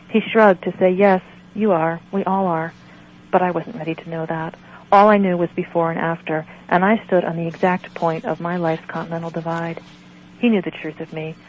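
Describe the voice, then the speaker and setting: A woman reading her own prose aloud in a measured, earnest way, then answering interview questions. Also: fairly low pitch. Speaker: author and guest. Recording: dull lo-fi sound with faint noise.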